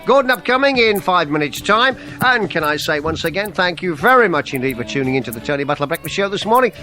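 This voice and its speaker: A man's voice: sits high, lively intonation, fast, pushed and bright, soft background music. A man hosting a breakfast phone-in on the radio, bantering and teasing his callers in a jovial way. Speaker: radio breakfast show host.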